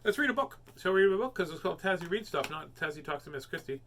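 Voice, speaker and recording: A man reading children's books on his home show chats in a casual, jokey, rambling way full of fillers. He's a fast talker with a high, expressive voice and a fairly bright tone, and there's slight background noise.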